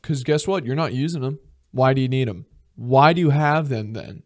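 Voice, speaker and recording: A young man ranting on his podcast, worked up and exasperated, cursing freely. He keeps acting out little mock conversations between strangers. His pitch sits in an everyday middle range. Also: moderate pace. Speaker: podcast host. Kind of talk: comedic solo rant.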